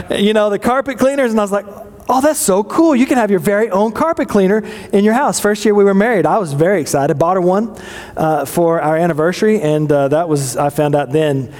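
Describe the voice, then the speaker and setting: A man in his forties gives a casual sermon made of family stories, folksy and full of jokes. He keeps checking in with the audience with quick questions. His voice sits a little high and carries a long reverb from a large hall. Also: a little mellow. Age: 40s. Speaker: pastor.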